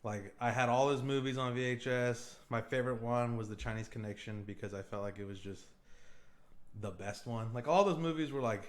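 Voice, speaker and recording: A young man on a podcast, excitedly retelling a favorite film scene with lots of fillers and swearing. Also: medium pitch, fairly quick. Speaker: podcast co-host. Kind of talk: casual podcast chat.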